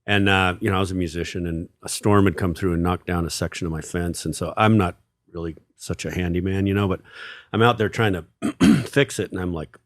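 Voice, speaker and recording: A man as a podcast guest telling a self-deprecating story, halting with many fillers. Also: sits low, fairly even intonation, no room sound, studio quality. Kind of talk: casual storytelling interview.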